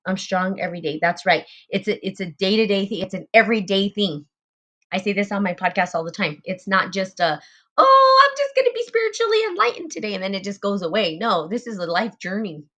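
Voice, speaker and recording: A woman's voice: fairly low pitch, a bit bright. A woman hosting a spiritual group talk, speaking earnestly about self-love, repeating phrases and using fillers. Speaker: podcast host.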